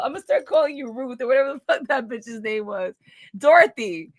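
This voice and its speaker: A woman giving crude, mocking commentary while reading text messages aloud, swinging between hushed asides and loud outbursts. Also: high-pitched, animated, fairly quick, no echo.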